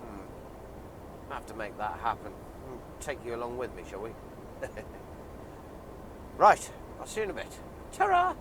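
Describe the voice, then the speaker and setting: A man's voice: mid-range voice, expressive, unhurried, pauses often, very noisy. A man vlogging casually with a head cold, chatty and rambling with many ums. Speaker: lorry driver vlogger. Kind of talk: casual vlog chat. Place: lorry cab while driving, then outdoors on a hill.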